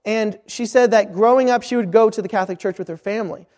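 Earnest high-voiced male preacher. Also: fast talker, darkish tone. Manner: earnest, repeats words and restarts phrases. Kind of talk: sermon. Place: church hall at a missions conference. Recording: reverberant hall.

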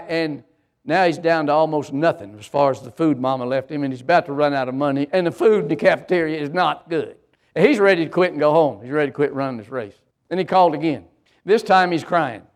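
An older man preaching with a fairly high voice. He drives his points home through emphatic repetition in a steady sermon cadence. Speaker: pastor.

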